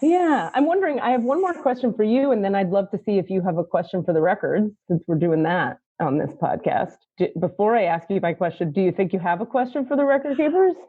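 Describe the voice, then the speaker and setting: A woman hosting a podcast, telling spiritual stories in an excitable way and acting out quotes in high squeaky voices. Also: quick pace, few pauses, no room sound, phone-quality sound. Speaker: podcast host and spiritual teacher. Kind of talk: animated casual chat.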